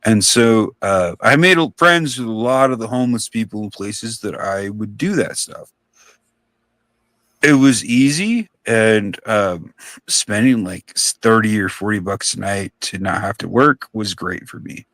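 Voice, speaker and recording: Young guy, low and relaxed, rambling storyteller, dry close mic. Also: unhurried, no room sound. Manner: laid-back, rambling, swears casually. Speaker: co-host on a live stream. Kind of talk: casual storytelling chat.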